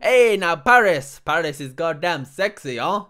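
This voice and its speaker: An excitable man with a fairly high voice chats through an online quiz on his own channel. He rambles, swears casually and laughs at his own jokes, with faint music playing behind him. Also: a little slow, few pauses. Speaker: YouTuber.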